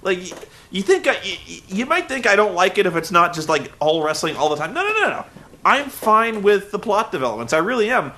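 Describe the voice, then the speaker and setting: Young male host, rambling wrestling rant, bright and fairly high voice. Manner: animated, rambling, jumps into loud shouted impressions. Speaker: web show host. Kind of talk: casual wrestling recap rant.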